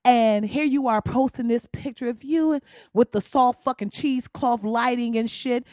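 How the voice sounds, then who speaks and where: A woman's voice: fairly high pitch, warm tone, no echo, clean studio sound. A woman commentator delivering a blunt, profane comedic rant, slipping into mocking voices.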